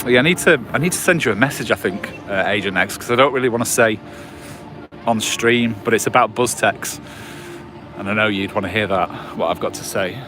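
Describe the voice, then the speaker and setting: Over music, a brisk, lowish voice belongs to a man in his forties from England who is livestreaming at night on a promenade. He holds a phone on a gimbal and chats casually with viewers, rambling with many fillers and restarts.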